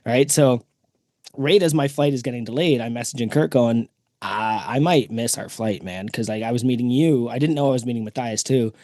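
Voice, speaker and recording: In a mid-range voice and a brisk delivery, a male podcast host tells a lengthy tale in casual chat. He's a lively storyteller who voices the characters himself, recorded with no echo.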